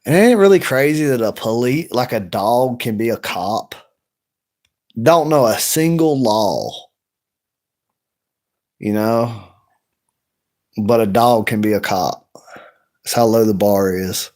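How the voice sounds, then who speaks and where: Guy rambling on his late night live, blunt, lots of cussing, regular pitch. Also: expressive, slow pace, long pauses, darkish tone. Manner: blunt, rambling, heavy profanity. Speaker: livestream host. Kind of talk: late-night casual livestream rant.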